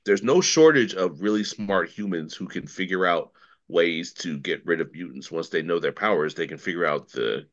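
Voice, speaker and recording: A man's voice: low voice, moderate pace. A man co-hosting a podcast in casual chat, plain-spoken and swearing casually as he explains at length. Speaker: podcast co-host. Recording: dull lo-fi audio.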